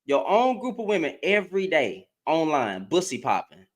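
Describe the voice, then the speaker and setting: Man, heated reaction commentary, high voice, swoops wide, repetitive, profane. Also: moderate pace. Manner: animated, repetitive, profane, laughs often. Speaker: online commentator. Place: in Dallas, Texas.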